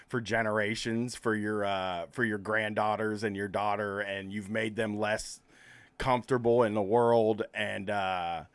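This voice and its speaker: Dry-voiced sarcastic comedian host. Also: male voice, lowish voice, a little slow, smooth, no room sound. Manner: sarcastic, animated storytelling. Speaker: comedian and call-in show host. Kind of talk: casual chat.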